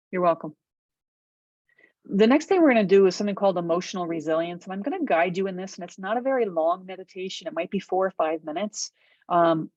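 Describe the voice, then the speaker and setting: Middle-aged woman, low voice, chatty meditation teacher, dull dry video-call audio. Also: no room sound. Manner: warm conversational teaching, frequent "right?" and "okay?". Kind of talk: guided workshop talk on a video call.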